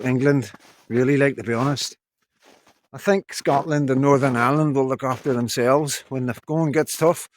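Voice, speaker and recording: A man with a strong regional accent talking casually to his viewers on an evening walk, rambling, frank and downbeat, swearing now and then. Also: medium pitch. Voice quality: strong regional accent that he says captions garble. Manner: rambling, frank, swears, repeats "you know". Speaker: vlogger.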